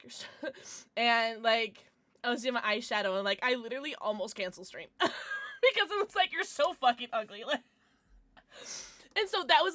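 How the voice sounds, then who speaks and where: A young woman chatting on a livestream in a bright, lively voice that bounces up and down. She rambles and giggles, starting sentences over and over. She is recorded close on a dry mic. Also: a little high, dry recording. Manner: giggly and rambling, many likes and restarts. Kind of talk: casual livestream chat with viewers.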